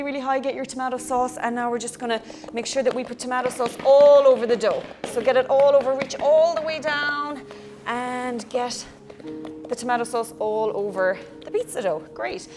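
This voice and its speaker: Bright high-voiced Irish woman teaching kids yoga. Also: moderate pace, over music. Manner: playful, encouraging, talks to the kids at home. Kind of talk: guided children's yoga class.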